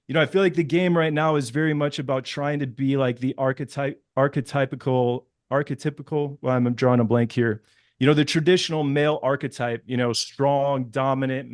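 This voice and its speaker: A man working as a dating coach, speaking hesitantly and often pausing to search for words in casual panel chat. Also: medium pitch.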